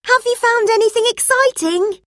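A very high curious little girl. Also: moderate pace, a bit bright, no room sound, studio quality. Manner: curious, eager. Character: curious young girl Emma.

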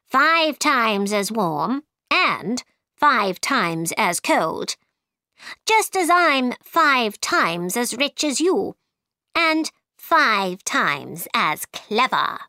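A woman's voice: a little high, sing-song, drawn-out words, sharp tone, dry recording, clean studio sound, exaggerated voice. A woman voicing a bossy, boastful queen in a storybook, with a firm, know-it-all manner.

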